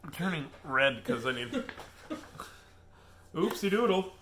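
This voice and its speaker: A man's voice: high-pitched, expressive, slow, background noise. A middle-aged man hosting a casual book reading, rambling and laughing as he gets sidetracked. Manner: laughing, chatty, easily sidetracked. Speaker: host reading children's books aloud.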